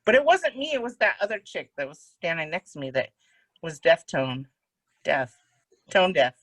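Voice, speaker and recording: A woman co-hosting a podcast in casual chat, with a deeper alto voice, telling stories from her school days. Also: sing-song, normal speed, a bit bright, rough recording. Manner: storytelling, acts out other people's voices. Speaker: podcast co-host.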